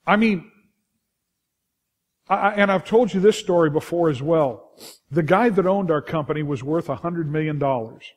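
A middle-aged man with a Californian accent, preaching a sermon in a lively storytelling way, full of restarts and asides to the congregation. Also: a little high, normal speed, pauses often. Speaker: pastor.

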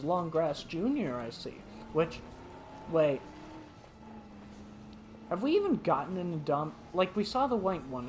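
A man's voice: fairly high pitch, a little hiss or hum. A man giving let's play commentary who talks to the dinosaurs on screen and yelps and shrieks when startled. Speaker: gaming commentator.

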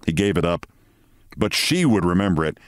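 A male host reading a short story aloud, measured and expressive. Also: deep voice, dry recording, studio quality.

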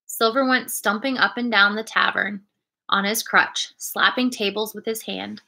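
Bright woman reading a storybook aloud. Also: mid-range voice, steady tone, a little slow, vocal fry. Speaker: reader.

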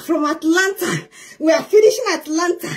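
A woman promoting her network marketing business in an excited live video, shrieking with joy, laughing often and repeating herself. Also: very high voice, normal speed. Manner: shrieking, exuberant, repetitive; laughs often while talking.

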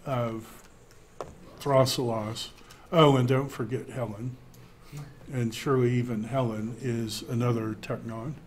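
Man, Greek teacher, slow unhurried speech, faint background hiss. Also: medium pitch, fairly even intonation. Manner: slow, thinking aloud with many fillers. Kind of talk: classroom Greek lesson.

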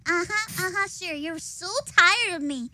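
A woman's voice: very high voice, measured pace, heavy background noise. A woman streamer in casual, playful banter, teasing her co-host and turning mock-whiny.

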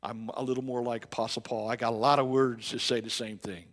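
In a church sanctuary, a pastor preaches a sermon conversationally, restarting and repeating words, swinging from loud emphatic bursts to quiet reflective stretches. His medium-pitched voice barely moves in pitch and he speaks fast.

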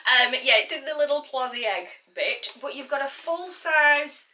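A woman's voice: sits high, bright, forceful tone, far from the mic. A young woman with a bubbly, gushing manner, chatting through a beauty haul as a vlogger. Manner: bubbly, gushing, quick asides. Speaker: beauty YouTuber.

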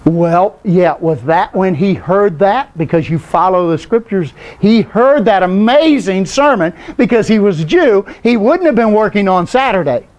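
A man teaching a Bible class asks the group questions and often answers them himself in a conversational style. He has a high, darkish voice with lively intonation, a moderate pace, and hardly any pauses.

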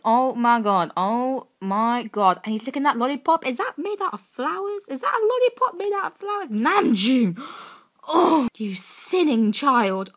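A woman's voice: on the high side, animated, a little slow, fairly bright tone. A young woman hosting a reaction video, gushing, gasping and teasing as she reacts to photos one by one.

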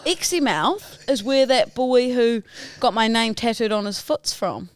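A woman co-hosting a podcast in casual chat, with dry, deadpan replies. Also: on the high side, unhurried, clear, resonant tone, no room sound. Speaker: podcast co-host.

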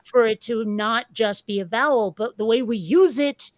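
Chatty, animated woman. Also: a little high, moderate pace, dry recording. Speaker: live stream co-host. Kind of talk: casual group chat.

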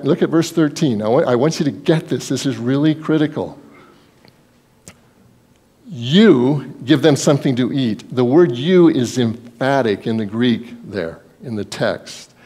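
A male pastor preaching a sermon emphatically, asking the congregation rhetorical questions and swinging between loud and hushed delivery. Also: medium pitch, moderate pace, breathy edge.

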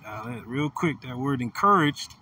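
A man's voice: medium pitch, expressive, moderate pace, sharp tone. A man leading an informal bible study, teaching with slangy asides and laughter. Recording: distant mic with light noise.

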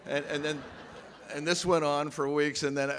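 A man's voice: a little high, level tone, fairly bright tone, slight background noise. Man telling stories at a memorial, echoing hall. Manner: storytelling with humor, restarts and emphatic pauses. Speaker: eulogist speaking at a memorial. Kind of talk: anecdotal memorial speech. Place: large pavilion hall. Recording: long hall reverb.

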